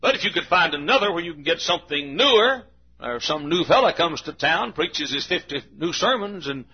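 A man preaching a fiery sermon, rising to shouts, in a church with a congregation. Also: on the high side, animated, fairly quick, breathy edge. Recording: dull lo-fi recording.

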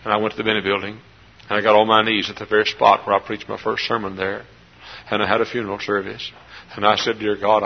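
A middle-aged man from Texas, a pastor preaching a sermon in a church. He climbs into loud emotional peaks, then drops back to quiet, confiding storytelling. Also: lowish voice, creaky, slightly rough. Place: church sanctuary. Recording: dull lo-fi sermon tape.

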